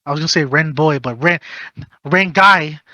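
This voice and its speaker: Bright, animated man ranting on a podcast. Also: fairly high pitch, moderate pace, dry recording, dull audio. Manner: animated ranting, swearing, mocking impressions. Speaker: podcast host. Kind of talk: casual podcast chat.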